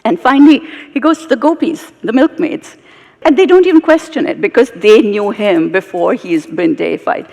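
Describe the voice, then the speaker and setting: Brief: British woman, expressive onstage storyteller, gravelly edge, live hall echo. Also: a little high, normal speed. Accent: British English. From Britain, of Indian heritage. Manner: animated, expressive storytelling with asides. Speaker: storyteller and guest speaker.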